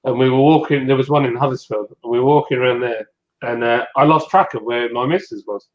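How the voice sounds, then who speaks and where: A man hosting a podcast, telling stories casually and acting out the people he quotes. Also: fast talker. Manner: animated, acts out quotes in a higher voice. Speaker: podcast host. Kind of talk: casual chat, storytelling. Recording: dull lo-fi audio.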